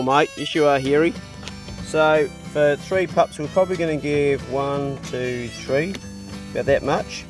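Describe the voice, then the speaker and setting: Easygoing aussie bloke, middle-aged, casual farm chat, music playing behind. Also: male voice, on the high side, unhurried. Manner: laid-back, talks to his dogs. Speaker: vlogger. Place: farmhouse.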